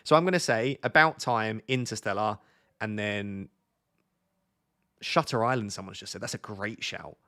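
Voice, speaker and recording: A man's voice: lowish voice, moderate pace, pauses often, sharp tone. A young man, chatting casually with viewers on a live stream, joking and thinking aloud as he reads their comments.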